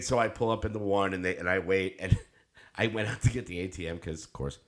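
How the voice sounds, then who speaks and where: A man's voice: low voice, a little fast, fairly bright tone. A middle-aged man co-hosting a casual podcast. He tells stories with energy, laughs often and swears casually. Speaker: podcast co-host. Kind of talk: casual chat.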